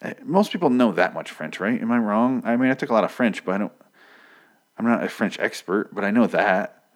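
A man with a very low voice talks his way through a TV episode in a loose, off-the-cuff recap. He swears freely and drifts into joking side comments as he goes. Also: animated, fairly quick. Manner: rambling and profane, with joking asides.

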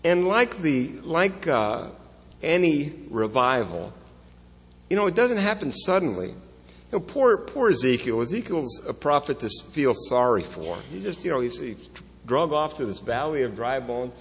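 A man preaches a sermon in an earnest, conversational manner, full of rhetorical questions and small restarts. His voice is husky and mid-pitched. It rings out with the long reverb of a church sanctuary. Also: big pitch swings, moderate pace. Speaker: pastor.

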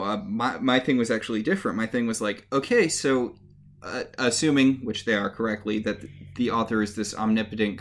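Recapping a show on a podcast, this co-host chats casually and wryly, poking fun at the characters by mimicking them in put-on voices. The voice is mid-range with vocal fry.

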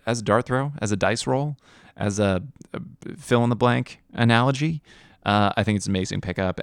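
A man's voice: fairly low pitch, vocal fry, smooth, dry recording, studio quality. A tired young man rambling through casual fantasy football podcast commentary as the league's host, often restarting his sentences. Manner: rambling, self-correcting, yawning and tired.

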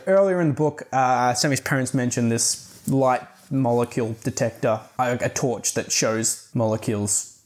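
A man's voice: medium pitch, moderate pace, a little mellow. A young man giving a casual, rambling book review full of restarts and filler words.

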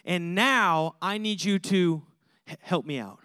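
A man's voice: high-pitched, animated, takes it slowly, sharp tone, smooth, no room sound, studio quality, heavily acted. Mary, a man playing an urgent pleading mother. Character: Mary, a devoted mother pleading with her son.

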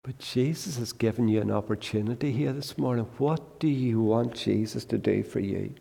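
A man's voice: medium pitch, moderate pace, vocal fry, warm tone. A male preacher giving a conversational sermon, retelling a gospel story and putting questions to the congregation. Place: church. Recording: long hall reverb.

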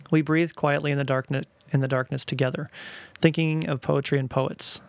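A middle-aged father reads his own stories aloud with a wry, playful touch. His voice is fairly high for a man with a gravelly edge, captured close and dry with no room around it. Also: flat delivery, normal speed, no echo. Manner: wry, gently playful narration. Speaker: storyteller, father.

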